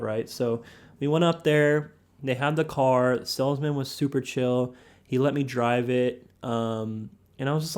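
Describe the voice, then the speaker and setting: A young man hosting a podcast, telling a personal story in a relaxed, slangy way and quoting the people in it. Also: mid-range voice. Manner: laid-back, slangy, quotes others a lot. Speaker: podcast host. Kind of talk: casual storytelling.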